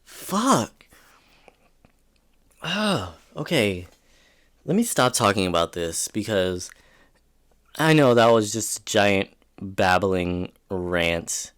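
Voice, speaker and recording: A man's voice: low voice, slow, a bit bright, clean tone. A man hosting a solo podcast, ranting in a profane, rambling, exasperated way, trailing off and restarting mid-sentence. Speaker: podcast host.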